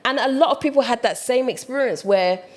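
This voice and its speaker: A woman's voice: fairly high pitch, brisk. Chatty British woman vlogger. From United Kingdom. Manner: chatty, animated, mimics other voices. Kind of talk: casual talk to camera.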